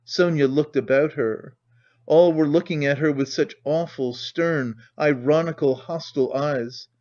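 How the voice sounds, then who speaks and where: A man narrating a classic novel in a measured, dramatic way. His voice sits a bit high for a man. The recording is dull and lo-fi. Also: steady tone, darkish tone. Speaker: audiobook narrator.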